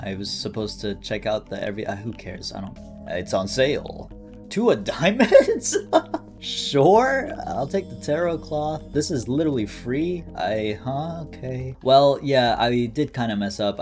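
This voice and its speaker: A man giving casual, excitable commentary while playing a video game, thinking aloud and reading item descriptions. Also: on the low side. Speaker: gaming YouTuber. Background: game music.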